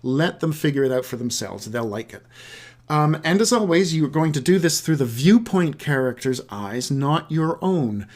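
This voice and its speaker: A man's voice: fairly high pitch, animated, normal speed. A man giving a recorded video lesson on writing, explaining conversationally with rhetorical questions and examples, often restarting and repeating words mid-sentence. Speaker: writing teacher.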